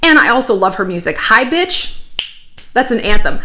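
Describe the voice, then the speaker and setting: A woman in her thirties hosting a casual commentary vlog, chatty and animated with sarcastic asides. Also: mid-range voice, fairly quick. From United States. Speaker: YouTube commentary host.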